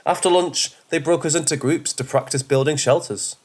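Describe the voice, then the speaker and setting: A man reading first-person horror stories aloud in a steady, measured way. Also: a little high, slightly rough. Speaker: horror story narrator. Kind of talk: scripted first-person narration.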